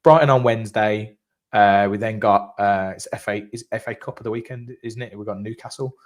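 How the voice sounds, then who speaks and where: A man's voice: fairly low pitch, brisk. A man co-hosting a live post-match fan chat, talking casually and animatedly, with the odd swear. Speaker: fan channel co-host.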